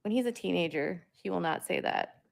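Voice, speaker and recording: A woman's voice: on the low side, animated, moderate pace, gravelly. A young adult woman and parent, talking casually to her viewers in a rambling way with lots of filler words. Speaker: parent vlogger.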